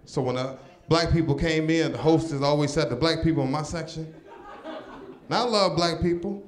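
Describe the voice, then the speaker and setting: A man from Detroit doing an animated stand-up comedy set on a club stage into a handheld mic. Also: echoey room. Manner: animated storytelling, high squeaky voices for quoted people. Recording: live club with crowd laughter.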